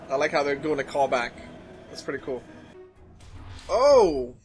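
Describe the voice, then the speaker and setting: A man's voice: mid-range voice, big pitch swings, slow, soft background music. A man hosting an anime reaction, talking casually with frequent gasps, exclamations and slangy asides.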